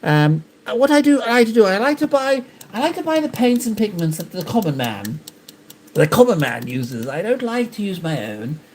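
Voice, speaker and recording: A man putting on a posh, pompous aristocrat's voice, with an affected drawl and drawn-out yeses. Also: high-pitched, very animated, a little mellow, slight background noise, voice pushed up.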